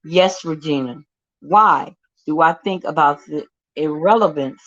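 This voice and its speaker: Slow-talking chatty woman live-streaming. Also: low-pitched, fairly bright tone, no echo. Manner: chatty, talks to viewers by name. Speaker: livestream host. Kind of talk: casual live-stream chat. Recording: dull, slightly lo-fi sound.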